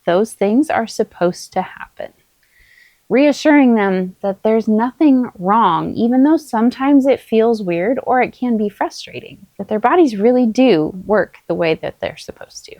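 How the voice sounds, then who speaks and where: A middle-aged woman, a mother, talking to camera in a calm, earnest and encouraging way as she shares parenting advice. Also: a little high, normal speed, few pauses, dry recording. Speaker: parenting vlogger, mother of many. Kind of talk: casual spoken advice to camera.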